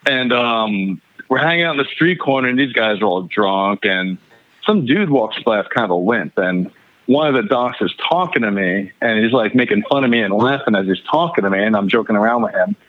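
A man's voice: fairly low pitch, animated, a little fast, no echo. A man from New York, a podcast guest, telling casual stories with a lot of stammering, repeated words and swearing. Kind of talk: casual storytelling. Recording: tinny phone line.

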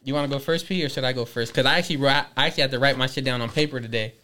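A man's voice: medium pitch, very fast, pushed and bright, a little hiss or hum. A young man hosting a podcast, chatting casually, laughing and swearing as he rapped a verse. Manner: loose, laughing, profane banter. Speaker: podcast host. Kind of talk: casual chat with freestyle rapping.

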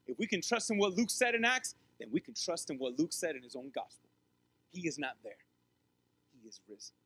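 A male pastor delivers a sermon in a bright, forceful, fairly high voice. He drives points home through repetition and drops into quiet, intimate stretches. The sound is dry and close. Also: no room sound. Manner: emphatic, repetitive preaching, drops to soft intimate tones.

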